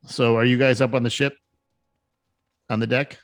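A man narrating as game master of a tabletop game, halting with many fillers. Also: mid-range voice, little pitch movement, soft background music.

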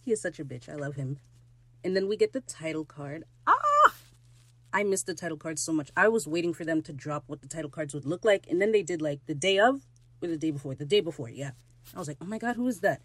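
A woman hosting a podcast, recapping a TV episode in casual chat, excitable and gushing, jumping loud and high when thrilled. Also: fast talker, no room sound, poor audio. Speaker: podcast host.

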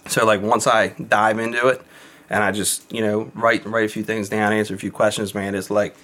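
A man's voice: lowish voice, level tone, normal speed, a bit bright. A man talking casually and candidly, rambling with lots of fillers and occasional swearing. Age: adult with kids. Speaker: podcast guest in recovery. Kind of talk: casual chat.

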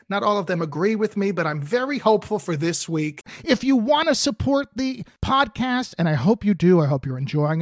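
A man from New Jersey hosting a podcast in a chatty, rambling, friendly way. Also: extremely high pitch. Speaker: podcast host. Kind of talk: casual chat.

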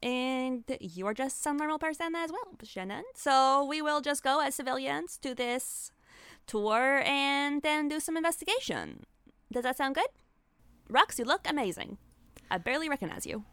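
A woman's voice: high voice, animated, moderate pace, fairly bright tone, no room sound, clean studio sound. A woman playing a tabletop role-playing game, cheerfully laying out the group's plan. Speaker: player.

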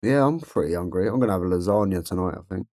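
A man co-hosting a podcast, telling stories in a casual, animated way and laughing often. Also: low-pitched, fast talker, no echo, studio quality. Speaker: podcast co-host. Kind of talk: casual chat.

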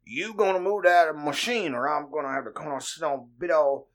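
A man voicing a blustering Cajun welding supervisor, his voice pushed high and loud. He rambles through folksy threats in a thick drawl, bossy and impatient. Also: normal speed, natural voice.

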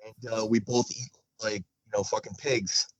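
A man co-hosting a podcast, speaking in halting, repeated starts and crude jokes. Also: fairly low pitch, fairly even intonation, no room sound. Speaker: podcast co-host. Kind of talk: casual banter.

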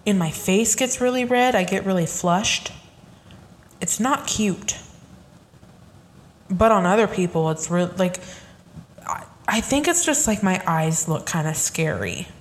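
A young woman talks through tweets on her solo podcast, casual and rambling. Her voice sits at a middle pitch, and she drifts from one aside to the next in easy, chatty talk. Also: animated, unhurried, long pauses, slight background noise. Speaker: podcast host.

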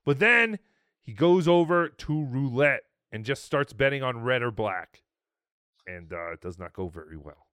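A man's voice: mid-range voice, expressive, unhurried, a bit bright, smooth, no room sound. A man hosting a show, giving casual, dry and sarcastic commentary over a clip. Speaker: show host.

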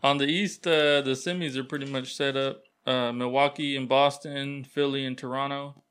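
A man's voice: medium pitch, level tone, moderate pace, a bit bright, clean tone. A man co-hosting a casual sports chat, talking loosely with slang and restarts. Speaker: podcast co-host.

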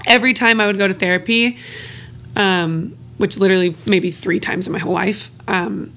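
With a medium-pitched, sharp, steady voice at normal speed, this podcast co-host chats openly and casually. Swearing comes freely, and she laughs between her phrases.

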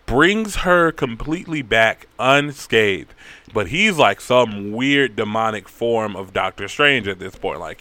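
A man casually recapping a story in a rambling, profane, animated way. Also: fairly low pitch, no room sound.

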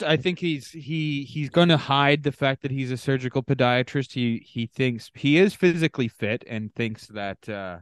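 A man's voice: mid-range voice, smooth, no echo, studio quality. A man from Canada co-hosting a casual podcast, reading contestant bios aloud with offhand asides. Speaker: podcast co-host.

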